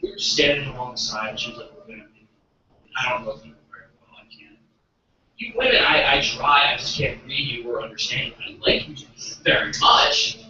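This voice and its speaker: Doing stand-up, this man spins self-deprecating, awkward tales and performs the quotes of the people in them. His mid-range voice is pushed and bright, with slight background noise, and the distant mic gives an echoey, dull sound.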